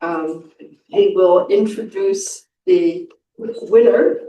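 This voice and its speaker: A woman hosting a prize ceremony, introducing the next speaker haltingly with many pauses. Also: medium pitch, mellow, highs cut off, slight background noise. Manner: halting, with frequent ums. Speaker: ceremony host. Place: library event hall. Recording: roomy, distant mic with faint ambience.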